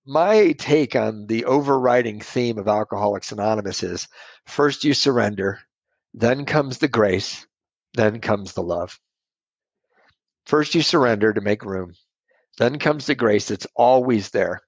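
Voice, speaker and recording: Low gravelly guy rambling through his recovery story, kinda husky, dry close sound. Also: lively intonation, unhurried, no echo. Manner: rambling, self-deprecating, laughs at his own jokes. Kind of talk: casual storytelling.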